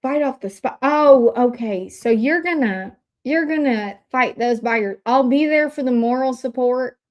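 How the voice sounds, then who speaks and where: A bubbly, excitable woman hosts a casual livestream, chatting away to her viewers. Her voice sits high and bright. She talks into a desk mic at her computer. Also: measured pace. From Indiana, USA. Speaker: livestream host.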